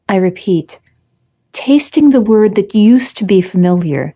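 A woman narrates a first-person fairy tale in a measured, reflective, literary way. She takes her time over every phrase, unhurried and deliberate. Her voice is mellow and warm. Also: medium pitch, animated.

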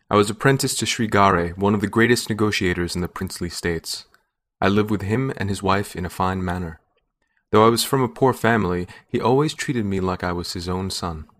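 A man narrates a first-person story in a measured, steady way. His voice sits on the low side. The reading is calm and unhurried, a classic audio fiction narration. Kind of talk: scripted narration.

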